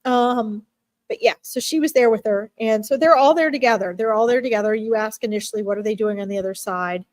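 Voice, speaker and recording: Her voice pitched a touch high, a woman delivers a heartfelt reading about an animal over a live stream. She's soft-spoken and emotional, breaking off often to restart what she's saying. Audio is dry and intimate, lacking any echo.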